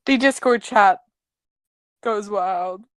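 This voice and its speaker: A woman's voice: mid-range voice, slow, dry recording. A woman narrating chat logs as comedy, dropping sardonic asides.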